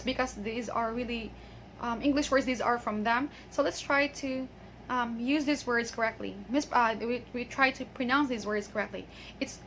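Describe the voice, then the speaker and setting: A woman with a high voice leads a pronunciation lesson, drilling one word at a time. Her tone is bright and clear. She repeats words slowly so the listener can copy them. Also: slight background noise. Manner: patient, drills words and checks with "okay?". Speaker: English pronunciation teacher.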